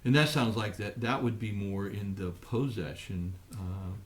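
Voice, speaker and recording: A middle-aged man, a pastor, talking on a live ministry program in a thoughtful, halting way with many restarts. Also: on the low side, slight background noise. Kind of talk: live radio ministry talk.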